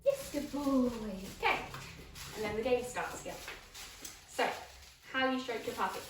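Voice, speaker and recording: A woman explaining dog training while playing with her puppy, giving clear, practical instructions. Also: fairly high pitch, moderate pace, a bit bright. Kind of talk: instructional demonstration. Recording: echoey room, voice from a distance, background noise.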